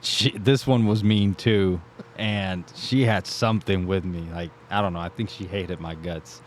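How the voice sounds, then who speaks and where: A man's voice: low-pitched, fairly even intonation, unhurried, a little hiss or hum. A man in casual podcast chat, laid-back, sharing crude stories. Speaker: podcast co-host.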